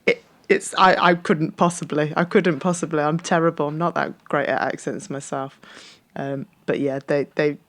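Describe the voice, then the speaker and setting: A woman's voice: low voice, fairly even intonation, moderate pace, a bit bright. A woman co-hosting a podcast in casual, teasing chat, often laughing as she talks. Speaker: podcast co-host.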